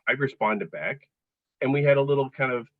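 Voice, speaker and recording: A man's voice: mid-range voice, brisk. A man in his fifties, a guest on a podcast, telling stories in a chatty way with self-deprecating humor and many restarts. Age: 50s. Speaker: guest, coaching client. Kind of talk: casual podcast conversation. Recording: slightly dull, dry sound.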